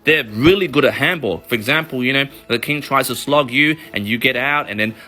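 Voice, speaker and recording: A man with an Australian accent, a mortgage broker telling an animated, swear-laced explainer story with sound effects. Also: medium pitch, brisk. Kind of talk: casual explainer monologue.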